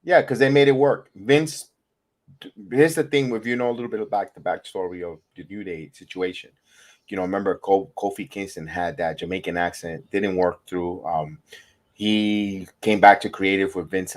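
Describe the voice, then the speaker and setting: A man with a low, deep voice co-hosts a casual wrestling podcast. He is from the American South and talks in long, rambling runs that drift into backstory. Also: normal speed. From Southern United States. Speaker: podcast co-host.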